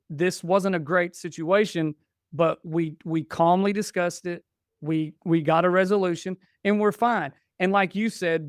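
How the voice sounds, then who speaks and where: A man's voice: high-pitched, clear, resonant tone, dry recording, clean studio sound. A middle-aged man, a father and podcast guest, telling a personal story in a heartfelt, conversational way.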